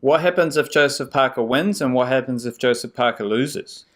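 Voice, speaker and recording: A man's voice: mid-range voice, normal speed, fairly bright tone. A man with a New Zealand accent co-hosting a casual sports podcast, throwing in jokey slang and steering the chat with questions. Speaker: co-host.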